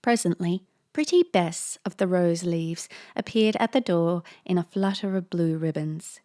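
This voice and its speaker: A woman's voice: fairly low pitch, a little slow, mellow. A woman reading a Victorian ghost story aloud, breaking off now and then for playful, self-mocking asides. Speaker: reader, narrator.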